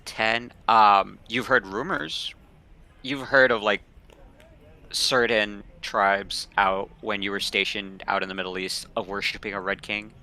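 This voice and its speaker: Bright-voiced young man running a tabletop game. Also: on the low side, steady tone, unhurried. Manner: casual, loose, full of fillers. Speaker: game master. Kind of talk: narrating a tabletop game over a voice call.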